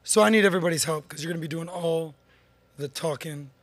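A man's voice: on the high side, quick pace, a bit bright. A man hosting a podcast in casual studio chat, upbeat and teasing his guests, with a voice he says is going. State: losing his voice. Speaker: podcast host.

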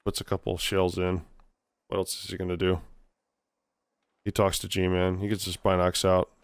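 A man's voice: low-pitched, completely flat delivery, normal speed, no room sound. A man casting a tactical shooter match live, with wry, dry humor. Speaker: game caster. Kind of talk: live gameplay commentary.

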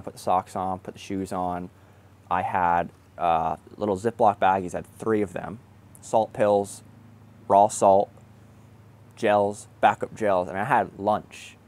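A young man, a triathlete, telling his race story in a casual, excited way, laughing often and swearing now and then. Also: deep voice.

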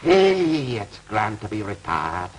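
An actor playing a deadpan retired baker, an older man with a Yorkshire accent, in a 1930s British film. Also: on the low side, slow, slight background noise, low-quality recording. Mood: dry. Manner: dry, deadpan.

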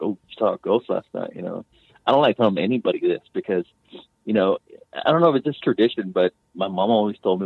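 A man's voice: on the low side, gravelly, breathy edge, dry recording. A man, a guest author, telling a personal story in a rambling way, restarting often and leaning on "you know" and "man.". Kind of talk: casual storytelling. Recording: phone-like remote line.

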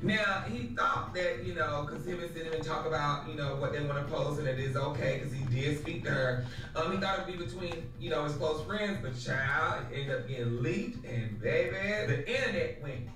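Sassy high-pitched man dishing gossip. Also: normal speed, noisy background. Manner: sassy, dramatic, campy slang. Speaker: show host. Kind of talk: gossip commentary. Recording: echoey room from far off, music behind.

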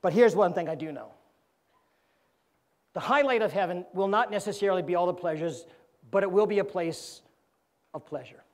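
A man, an evangelist preacher, delivering a sermon in a church and telling a joke with animated character voices. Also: high voice.

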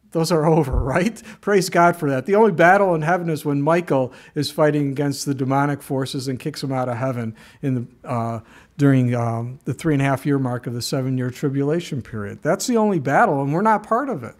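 Pastor guy preaching, lively storytelling, swings up and down a lot. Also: a little high. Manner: animated storytelling, acts out quoted voices; prays aloud. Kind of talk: sermon.

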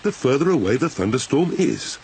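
Easygoing cartoon daddy pig, reassuring, super lively pitch. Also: male voice, gravelly, breathy edge, exaggerated voice. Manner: unhurried, reassuring. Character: jolly father pig, calm and easygoing. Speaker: cartoon father.

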